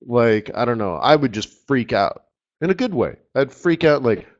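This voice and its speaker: A man's voice: mid-range voice, expressive, normal speed. A man giving a live trading webinar in a casual, rambling, joking way, often checking in with "right?". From Canada. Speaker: forex market strategist presenting a webinar. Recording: slightly muffled webinar audio.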